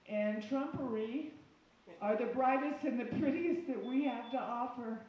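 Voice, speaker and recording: Southern woman, stand-up comic, bawdy folksy punchlines, fairly high voice, echoey bar room heard from afar. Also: measured pace, darkish tone, far from the mic. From Colorado-based, from the US. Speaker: stand-up comic at open mic. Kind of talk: stand-up comedy. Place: small bar open mic night.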